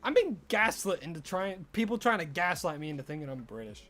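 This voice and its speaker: A game streamer rambling jokily during a live stream and bursting into excited shouts at lucky finds. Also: mid-range voice, fairly quick, faint music behind.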